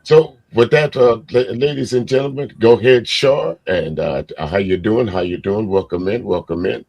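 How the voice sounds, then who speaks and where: A man hosting a casual live stream chat show, talking in a laid-back, drawn-out way and chuckling often. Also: fairly low pitch, creaky, darkish tone, no echo.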